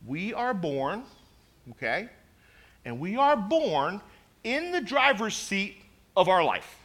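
A man preaching a sermon, telling stories with lively emphasis and often repeating his words as he goes. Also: high-pitched, slow pace. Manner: animated storytelling, repeats words, acts out quoted voices. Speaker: pastor.

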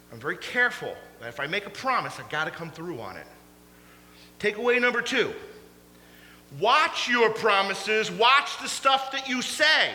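A man preaching a storytelling sermon, animated and laughing through his stories. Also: high-pitched. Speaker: pastor. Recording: echoey hall, faint hum.

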